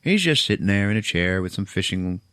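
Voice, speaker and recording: A man's voice: low voice, very animated, fairly quick, a bit bright, clear, resonant tone, no echo, studio quality. A man hosting a podcast, casually recapping a movie in a loose, profane way. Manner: loose, profane, retelling with quoted voices. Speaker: podcast host.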